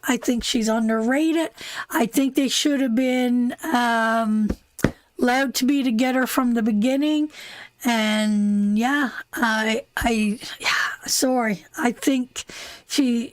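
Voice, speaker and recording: Brief: high-pitched woman from Canada, unhurried, rambling live-stream tarot host, dry close sound. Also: no room sound. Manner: chatty and rambling, calls viewers darling and sweetheart. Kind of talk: casual live-stream chat.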